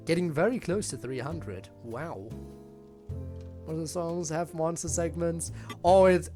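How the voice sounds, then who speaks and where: A game streamer chatting casually on a live stream at a mid-range pitch, tossing in quick reactions between longer thoughts. Game music plays faintly in the background. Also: dark tone. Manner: chatty, reacts with short asides.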